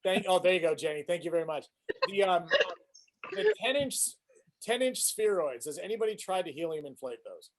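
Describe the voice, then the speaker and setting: A man telling a funny anecdote in a casual group chat on a video call, lively and playful. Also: sits high, fairly quick. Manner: animated anecdote teller with put-on voices. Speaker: call participant.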